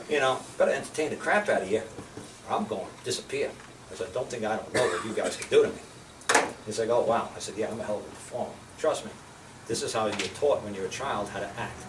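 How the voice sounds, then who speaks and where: Here a medium-pitched older man from the United States shares life lessons through casual, profane stories told to a small group. He is blunt and animated, often imitating the people he quotes, and the recording sounds distant and roomy with clear background noise.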